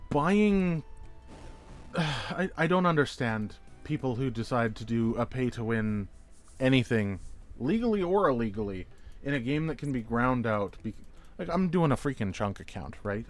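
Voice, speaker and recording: Male game streamer, mid-pitched, chatty and jokey, faint music under him. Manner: chatty, rambling, reacts to chat messages; jokey, playful wordplay. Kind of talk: casual gameplay chat.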